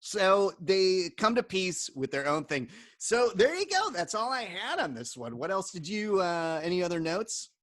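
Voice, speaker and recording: A man's voice: high-pitched, very animated, normal speed, hardly any pauses, a bit bright, no echo. A man co-hosting a casual podcast, recapping an episode, laughing often and swearing casually. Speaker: podcast co-host. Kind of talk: casual chat.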